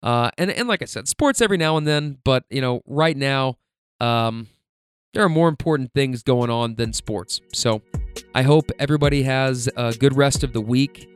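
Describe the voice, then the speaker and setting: Faint music plays behind a mid-range male podcaster who tells stories at a moderate pace in a clean voice. His casual monologue is laid-back, rambling, profane, and full of fillers, and the recording is dry.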